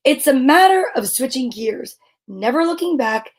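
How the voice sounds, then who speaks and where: A middle-aged woman with a New Jersey accent, hosting a cheerful kids' show. Her voice sits high and bright, and she chats playfully with a sing-song lift in her greetings. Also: animated, moderate pace, poor audio. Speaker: children's show host. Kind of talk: cheerful live-stream chat for kids.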